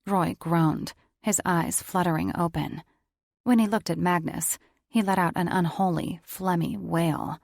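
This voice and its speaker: A woman narrating a romance audiobook in an even, measured storytelling voice. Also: fairly low pitch, vocal fry, no room sound, studio quality.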